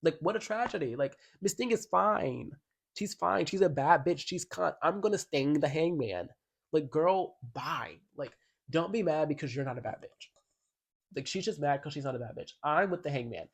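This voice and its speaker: A man talks through an album in a casual vlog. He sounds sassy and slangy and leans hard on his points, and his voice sits a little high for a man. Now and then he reads a song lyric aloud. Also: expressive, normal speed, gravelly, husky. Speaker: music commentator.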